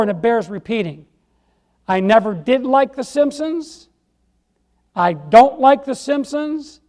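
A lay preacher delivers a folksy, emphatic church sermon, repeating phrases and asking the congregation "Amen?" His voice is high-pitched with a darkish tone.

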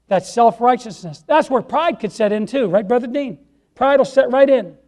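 A man's voice: extremely high pitch, normal speed, a little mellow. A man preaching a sermon in church, folksy and emphatic, repeating phrases and asking the congregation "Amen?". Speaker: lay preacher.

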